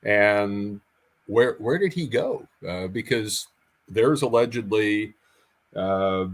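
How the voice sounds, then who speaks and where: A man on a podcast, talking in a measured way with frequent hesitations. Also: fairly low pitch, animated. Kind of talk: podcast conversation.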